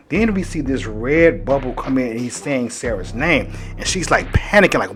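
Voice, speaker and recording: A man's voice: medium pitch, expressive, normal speed, hardly any pauses, fairly bright tone, soft background music. A man hosting a casual comic book recap in a loose, chatty way, leaning on "like" throughout. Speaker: host.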